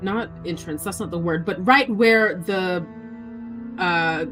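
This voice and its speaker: A woman playing in a tabletop game, speaking in a halting way and correcting herself as she goes. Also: on the low side, fairly bright tone, soft background music. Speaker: player. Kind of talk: casual tabletop play.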